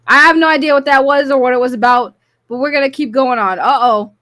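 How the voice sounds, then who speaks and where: A woman hosting a casual live call-in stream, talking loudly and sassily, swearing, and rambling into her desk microphone. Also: sits high, quick pace. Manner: loud, sassy and profane, with rambling rants. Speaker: live call-in show host.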